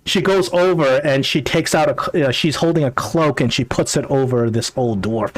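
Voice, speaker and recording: A man's voice: mid-range voice, normal speed, few pauses, dry recording. A man running a tabletop game as game master, narrating with hesitant fillers.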